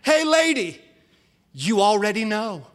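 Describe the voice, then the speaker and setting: A man's voice: sits high, sing-song, measured pace, big-room sound, slight background noise. A man voicing a rude, arrogant male parrot that squawks and taunts a passer-by. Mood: mocking.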